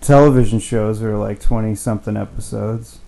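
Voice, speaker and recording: A man's voice: fairly low pitch, fairly even intonation, brisk, gravelly, warm tone. A man co-hosting a casual podcast, rambling and swearing freely, trailing off mid-thought. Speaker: podcast co-host. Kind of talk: casual banter.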